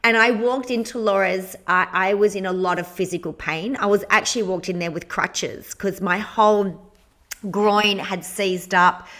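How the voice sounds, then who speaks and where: A woman co-hosting a podcast interview, talking in an animated, candid way and swearing freely. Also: mid-range voice. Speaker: podcast co-host. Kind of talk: casual conversational interview.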